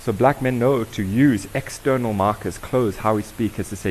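A South African man facilitating a workshop, talking with an audience in a lively, conversational way and asking them questions. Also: lowish voice, moderate pace, a little hiss or hum, rough recording. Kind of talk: interactive talk to an audience.

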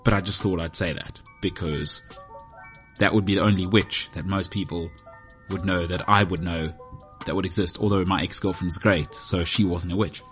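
A man hosts his own podcast, talking alone in a rambling, self-mocking, joking casual monologue indoors in a heated room. His deep voice is steady, a bit bright and moderately paced, with faint music behind.

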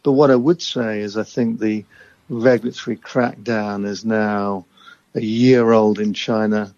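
A man who invests in emerging market equities, answering interview questions in a measured, analytical way. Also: fairly low pitch, fairly even intonation, a little mellow, no room sound, lo-fi sound.

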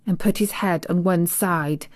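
A woman reading a classic children's novel aloud in a gentle, unhurried manner, sometimes dropping to a soft near-whisper. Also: lowish voice, no echo, studio quality. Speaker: audiobook narrator. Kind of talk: scripted storybook narration.

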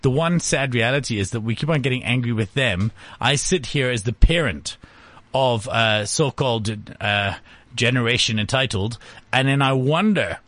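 A man's voice: mid-range voice, moderate pace, a bit bright. A middle-aged man, ranting bluntly in casual podcast chat and acting out quotes. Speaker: podcast co-host.

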